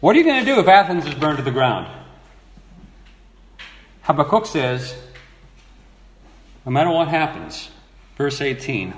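A man's voice: fairly high pitch, sing-song, a little slow, long pauses. A man preaching a sermon, reading scripture aloud and asking earnest rhetorical questions. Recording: echoey room.

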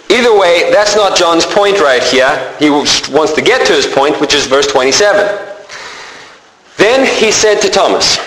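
Male pastor, lively and slightly high, acts out quotes, long hall reverb with faint hiss. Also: normal speed. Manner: animated, acts out the quoted voices. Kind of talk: sermon.

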